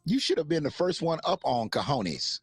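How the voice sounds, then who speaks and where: A man's voice: fairly high pitch, big pitch swings, moderate pace, breathy edge, no room sound, faint music behind. A man hosting a livestream in casual commentary, rambling and swearing, laughing often and reading out chat messages. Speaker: livestream host.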